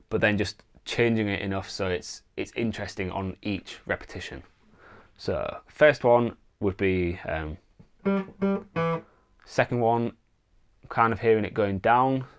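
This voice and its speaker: A man teaching songwriting in a relaxed, casual way, thinking aloud and demonstrating on guitar. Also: on the low side, normal speed. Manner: relaxed, thinks aloud with fillers, sings wordless vocal lines. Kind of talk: casual instructional talk with guitar demos. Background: acoustic guitar playing.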